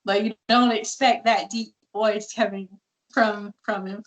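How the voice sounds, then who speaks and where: A woman's voice: mid-range voice, unhurried, low-quality recording. A woman with a polished South Carolina Southern accent, co-hosting a casual podcast and telling stories with lots of "like.". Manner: animated storytelling, uses "like" often. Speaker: podcast co-host.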